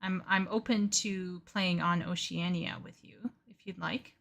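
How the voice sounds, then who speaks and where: A woman's voice: fairly low pitch, fairly even intonation, a little slow, gravelly, a bit bright. A woman chatting casually with her viewers while gaming on a live stream, often flustered and stammering. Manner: chatty, flustered, talks to chat while playing. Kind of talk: casual gaming livestream chat.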